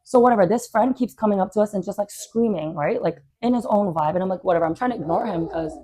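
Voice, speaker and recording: A young woman co-hosting a podcast, telling a story in a casual, animated way, packed with fillers and swearing. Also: medium pitch, fast talker, slightly rough. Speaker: podcast co-host.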